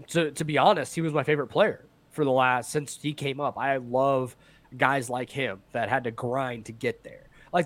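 A man's voice: medium pitch, no echo. A man hosting a sports podcast, chatting casually and restarting his sentences as he goes. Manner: conversational, trails into restarts. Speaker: podcast host.

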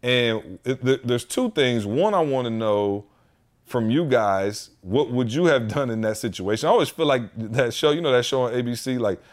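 A man's voice: medium pitch, expressive, moderate pace. A man in his thirties, a podcast co-host, telling a story in casual chat and acting out the people in it with heated voices. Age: 30s.

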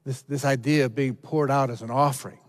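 A man preaching a sermon, earnest, climbing to emphatic peaks and then dropping low, often repeating words as he restarts. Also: steady tone, fairly quick. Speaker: pastor.

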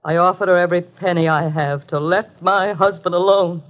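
A woman's voice: on the low side, fairly even intonation, moderate pace, close to an everyday voice. An actress playing a desperate, tense middle-aged mother. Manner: pleading, tense, earnest. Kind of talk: 1950s radio drama acting. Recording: muffled 1950s radio broadcast.

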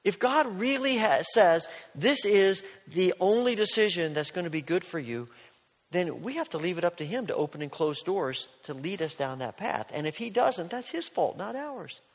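A man preaching a sermon in a conversational, storytelling way, sometimes dropping his voice to a soft near-whisper. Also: high voice, animated, normal speed, in a large hall. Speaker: pastor.

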